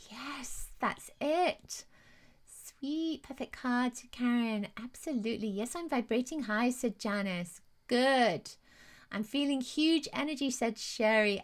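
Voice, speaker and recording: A woman hosting a live angel card reading, gushing and soothing, reading viewer comments aloud and at times close to tears. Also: on the high side. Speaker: intuitive card reader hosting a live stream.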